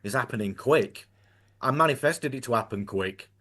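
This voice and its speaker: A man with a broad Yorkshire accent, speaking as a guest in an easygoing chat. He sounds earnest and tends to ramble, circling back and restarting his sentences as he goes. His voice sits at a middling pitch. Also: expressive, normal speed, sharp tone, slightly rough. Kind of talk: casual conversation.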